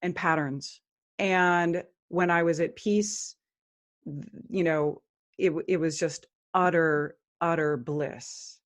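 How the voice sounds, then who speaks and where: Podcast guest, woman, lowish voice, earnest spiritual talk with slow chanting. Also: steady tone. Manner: earnest, chants mantras slowly.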